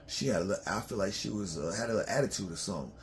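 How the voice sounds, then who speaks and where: A man's voice: on the low side, lively intonation, quick pace, a little hiss or hum. A man talking casually in a loose, profane, rambling monologue to his own channel, often breaking into laughs. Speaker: vlogger.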